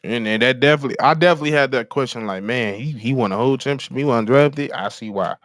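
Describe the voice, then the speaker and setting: A man's voice: mid-range voice, quick pace, no room sound, clean studio sound. A man from Chicago co-hosting a casual sports podcast, blunt and jokey, with a Chicago accent. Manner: animated, blunt, jokey trash talk. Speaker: podcast co-host.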